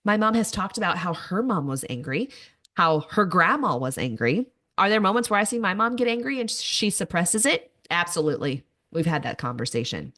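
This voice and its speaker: A woman's voice: on the low side, very animated, brisk, a bit bright. A woman in her thirties hosting a podcast, telling personal stories candidly with self-mocking asides. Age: 30s. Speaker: podcast host. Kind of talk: personal monologue.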